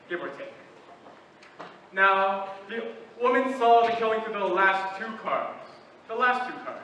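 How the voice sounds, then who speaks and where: A teenage young man acting a calm, persistent juror who reasons methodically in a school stage play. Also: high voice. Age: late teens. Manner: methodical, reasoning aloud, some restarts. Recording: echoey hall from far off, light noise.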